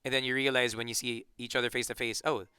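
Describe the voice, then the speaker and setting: Filipino musician for a loose, joking interview, bright and crisp, dry sound. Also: male voice, medium pitch, fast, no room sound. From Philippines. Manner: relaxed, joking, rambling with restarts. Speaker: band member. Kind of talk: casual interview chat.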